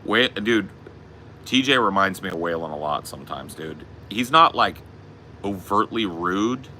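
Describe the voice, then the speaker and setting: A man hosting a podcast, telling a story in a profane, laid-back, animated way. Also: deep voice, a little slow, a little hiss or hum. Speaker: podcast host. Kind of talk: casual chat, storytelling.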